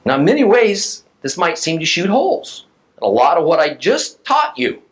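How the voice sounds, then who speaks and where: Animated male Bible teacher. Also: on the high side, normal speed, rough recording. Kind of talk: recorded Bible class lecture.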